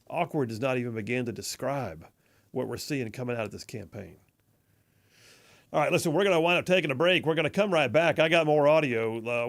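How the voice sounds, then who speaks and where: A man hosting a conservative talk radio show in a studio, mocking and animated, stretching words for emphasis. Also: mid-range voice. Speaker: radio host. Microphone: studio mic.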